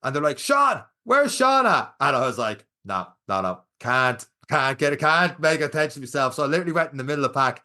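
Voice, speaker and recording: A man's voice: medium pitch, fast talker, hardly any pauses. A young Irish man co-hosting a podcast, telling a race story in casual chat and acting out what people said. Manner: animated storyteller, acts out quotes. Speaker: podcast co-host.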